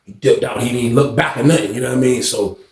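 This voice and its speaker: Male storyteller, rapid slangy delivery, echoey room. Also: mid-range voice, distant mic. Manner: animated slangy telling with acted-out quotes. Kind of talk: casual storytelling.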